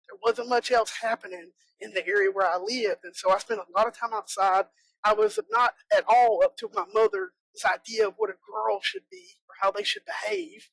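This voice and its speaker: A woman's voice: a little high, creaky, a bit bright, dry recording, rough recording. A woman from South Georgia with a Southern American accent, giving a chatty, joking conference talk as a bee inspector. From South Georgia, USA. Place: conference room.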